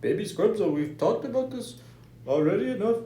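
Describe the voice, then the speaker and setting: A man voicing a stern male school principal in a put-on Indian accent, lecturing slowly and formally. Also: high voice, expressive, dark tone, voice pushed up. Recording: echoey room.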